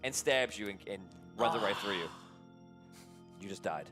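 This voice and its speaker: A man's voice: lowish voice, normal speed, over loud music. A man narrating as game master, often repeating words as he goes.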